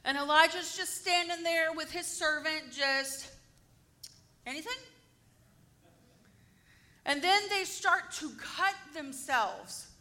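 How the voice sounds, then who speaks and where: A woman with a high, bright voice retells a Bible story to her listeners, acting out its scenes. She takes her time and asks the group questions as she goes. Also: measured pace, few pauses. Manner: animated, acts out the story and asks the audience questions. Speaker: Bible teacher.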